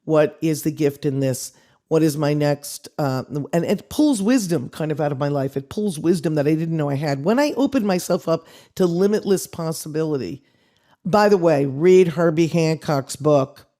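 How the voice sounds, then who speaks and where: A woman's voice: deep voice, moderate pace, warm tone. A woman guest on a video call, speaking earnestly and animatedly in an interview. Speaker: guest musician. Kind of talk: reflective interview talk.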